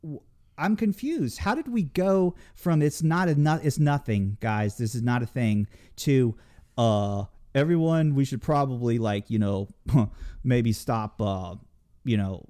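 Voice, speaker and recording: A man's voice: medium pitch, a little slow, warm tone. A man in casual podcast chat, ranting with heavy swearing and many restarts. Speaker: podcast co-host.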